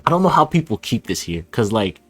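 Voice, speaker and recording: A man's voice: on the low side, big pitch swings, fairly quick, a bit bright, soft background music. A young man giving rambling, chatty commentary while playing a video game. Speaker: gaming YouTuber. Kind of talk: casual gameplay commentary.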